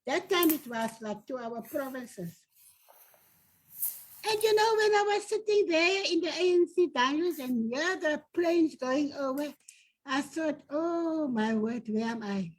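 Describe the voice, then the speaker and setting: Older woman, South African accent, high-pitched, very expressive pitch, earnest storyteller. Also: a little slow, poor audio. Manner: earnest, reminiscing, animated storyteller. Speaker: domestic workers' union leader, guest. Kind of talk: personal storytelling in an interview.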